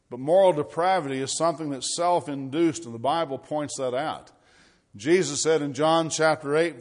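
A man preaching a sermon, reading scripture loudly and dropping low for asides and rhetorical questions.

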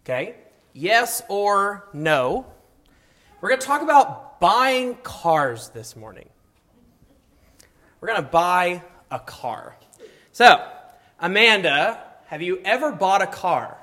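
A man teaching a classroom of high schoolers, talking casually, adding wry asides and often checking in with "okay?". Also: very animated, slow, long pauses, sharp tone. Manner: mildly sarcastic asides. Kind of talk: classroom lesson. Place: classroom with students.

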